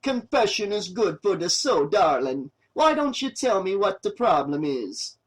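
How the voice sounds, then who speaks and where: A man's voice: sits high, sing-song, unhurried, slightly rough, pitched above the performer's own voice, exaggerated voice. A man doing a stoner faking a Jamaican lilt. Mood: mellow.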